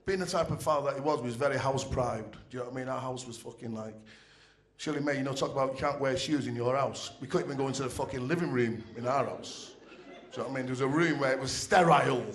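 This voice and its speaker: A man's voice: medium pitch, brisk. A man doing stand-up storytelling on a club stage into a handheld mic, chatty and profane, often checking in with the crowd. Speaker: comedian. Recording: roomy club echo.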